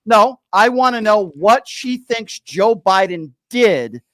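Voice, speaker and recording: A man's voice: high voice, lively intonation, takes it slowly, fairly bright tone, no room sound, clean studio sound. A man hosting a heated political debate, combative and sarcastic, cutting in on his opponent.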